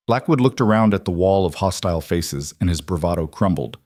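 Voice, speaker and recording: A man narrating a romance story in a measured, dramatic way. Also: sits low, expressive, a little mellow, dry recording, clean studio sound.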